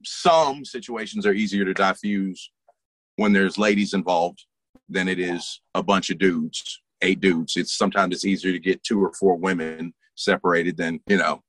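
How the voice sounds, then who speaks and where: A man's voice: low voice, steady tone, moderate pace, a bit bright, no room sound. A man, a former bouncer, talking casually about his work, in a laid-back storytelling way with many fillers. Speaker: interview guest, former bouncer. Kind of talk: casual conversation.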